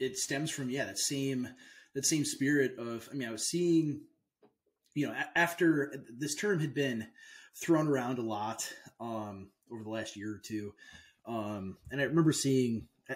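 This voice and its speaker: Guy pastor on a podcast, halting, keeps restarting his sentences, middle-pitched voice. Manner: halting, trails off and restarts often. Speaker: pastor and author, guest. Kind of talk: casual conversation.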